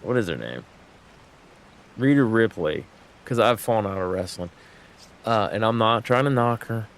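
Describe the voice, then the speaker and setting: A man's voice: on the low side, animated, normal speed. A man streaming a game, chatting casually and rambling with lots of fillers and restarts. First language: English. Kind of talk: casual livestream chat while gaming.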